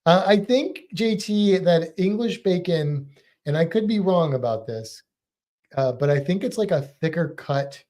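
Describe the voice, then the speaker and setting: Man, American, chatty livestream host, laughing often, mellow voice, very animated pitch. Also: a little slow. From United States. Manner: chatty, laughs often, answers viewer comments. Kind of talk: casual live chat reading comments.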